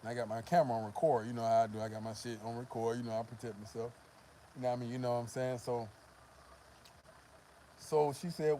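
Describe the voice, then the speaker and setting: A man's voice: medium pitch, steady tone, fast talker, pauses often, warm tone, slight background noise. A man vlogging, telling a profane, rambling story to the camera and filling it with "you know what I mean.".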